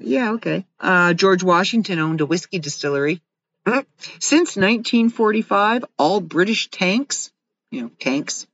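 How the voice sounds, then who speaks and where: A woman hosting a casual show, reading fun facts aloud, giggling and cracking jokes about each one. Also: fairly low pitch. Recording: dull lo-fi sound.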